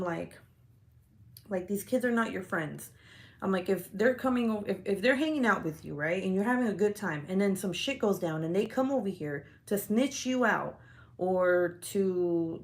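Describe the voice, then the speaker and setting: Lady rambling on her livestream, cussing a lot, kinda low voice, says like every other word. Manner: rambling, profane, lots of "like". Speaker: livestream host. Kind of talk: casual live-stream storytelling.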